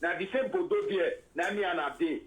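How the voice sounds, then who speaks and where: A man's voice: high voice, brisk, fairly bright tone, low-quality recording. A man with a Nigerian accent on a live video call, speaking in pidgin. He rants heatedly, makes accusations and repeats himself.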